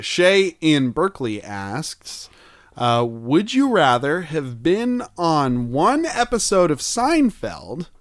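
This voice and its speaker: A man's voice: fairly high pitch, no echo. A man hosting a casual podcast, reading out listener questions in a playful way. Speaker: podcast host. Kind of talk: casual chat.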